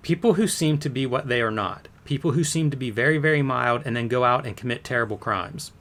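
A man's voice: medium pitch, fairly quick, a bit bright, close to an everyday voice. A man playing a witness under cross-examination who answers with curt, defensive denials in a courtroom transcript reading. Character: defensive male witness testifying under oath.

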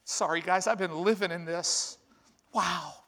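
A man preaching a sermon in an animated, exclamatory way with quick asides. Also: sits high, vocal fry.

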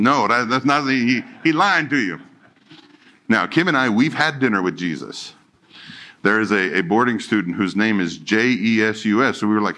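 Joking pastor preaching a sermon. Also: male voice, fairly low pitch, lively intonation, normal speed, pauses often, a bit bright. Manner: joking, conversational preaching with laughs and quoted dialogue.

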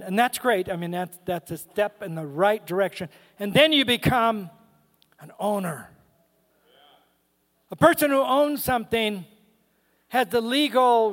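A man's voice: high voice, fairly bright tone, long reverb tail. A man preaching a sermon as a guest speaker, humorous and emphatic, calling out to the congregation in a church. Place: church sanctuary.

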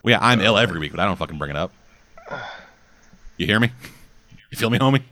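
A man's voice: low voice, expressive, quick pace, pushed and bright. A man hosting a casual podcast, talking in a rambling, sarcastic way and swearing often. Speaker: podcast host.

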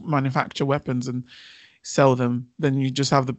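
A man's voice: medium pitch, flat delivery, normal speed, no room sound. A man chatting on a podcast, recapping scenes and acting out what characters said. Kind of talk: casual podcast chat.

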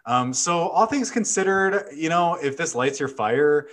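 A man hosting a casual podcast, reading fan fiction aloud and commenting on it in a wry, animated way. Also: fairly high pitch, unhurried. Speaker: podcast host.

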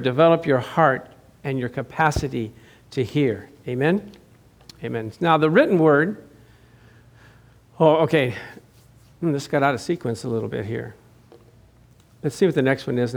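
A middle-aged man, a pastor, preaching a sermon in a conversational way, asking rhetorical questions and often repeating and restarting his phrases. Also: mid-range voice.

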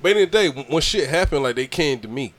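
A man hosting a casual chat, telling a story in an animated, profane way and laughing often. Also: on the high side, fast talker.

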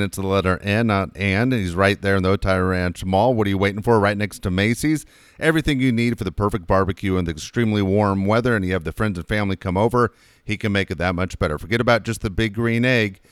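A man's voice: on the low side, clean tone, no room sound, studio quality. A man co-hosting a talk show, hyping sponsors with emphatic, casually profane talk. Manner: hyped and emphatic, swears casually. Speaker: radio show co-host.

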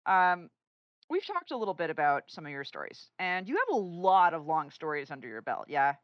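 A woman's voice: on the low side, brisk, no echo. A woman co-hosting a casual podcast, playful and joking, then asking interview questions. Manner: playful, lively, drops to a hushed tone for jokes. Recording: dull lo-fi dry sound.

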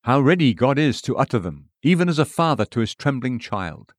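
A man giving a scripted devotional reading, measured, slowing and lifting his voice for quoted scripture. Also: medium pitch, sing-song, dry recording, studio quality. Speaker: devotional reader.

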